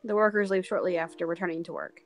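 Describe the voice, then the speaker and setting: A woman's voice: fairly low pitch, fairly even intonation, fast, faint music behind. Playful woman co-hosting a game stream. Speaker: let's play co-host. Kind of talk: casual chat and reading game lines.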